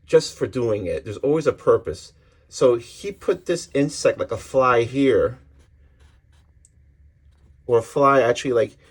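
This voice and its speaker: Walking through a comic issue panel by panel, this man performs the characters' dialogue in his own voices, clearly excited and casual about it. He speaks at a medium pitch with a husky quality.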